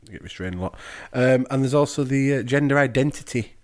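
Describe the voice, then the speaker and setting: A man's voice: mid-range voice, brisk, darkish tone. A man co-hosting a podcast, cracking cheeky, crude jokes in casual banter. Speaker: podcast co-host.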